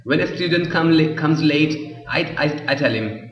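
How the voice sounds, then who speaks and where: A man teaching an English literature class, explaining slowly and often repeating himself. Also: fairly high pitch. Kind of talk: classroom lecture. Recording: roomy echo, far from the mic, dull lo-fi sound.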